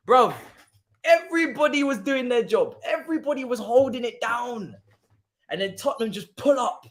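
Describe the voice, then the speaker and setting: A man ranting through a football watchalong stream. His pitch leaps up and down as he mocks rival fans, loud one moment and muttering the next. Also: moderate pace. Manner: animated, mocking rival fans.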